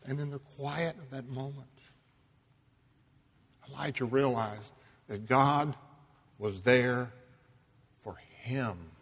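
A man preaching a sermon, emphatic, dropping to a hush and rising loud for stress. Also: mid-range voice, husky, long reverb tail. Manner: slow, emphatic, swings between hushed and loud.

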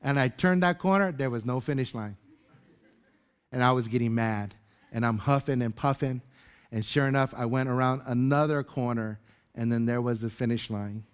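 A man preaches to his congregation in a relaxed, storytelling manner, calling them beloved. His voice sits at an ordinary middle pitch, and he talks informally, like he is chatting. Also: normal speed, clear, resonant tone. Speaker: pastor. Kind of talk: conversational sermon with a personal story.

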